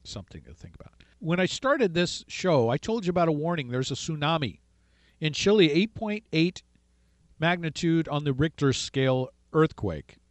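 A man hosting a call-in radio talk show, retelling a story with animated delivery and acted-out voices. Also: a little high, moderate pace, dry recording.

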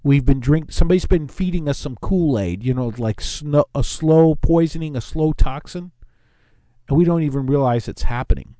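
A man's voice: on the high side, normal speed, warm tone, no room sound. Rambling male talk radio host. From Southern California. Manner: rambling, self-interrupting, jokey. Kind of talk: casual talk radio monologue. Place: radio studio.

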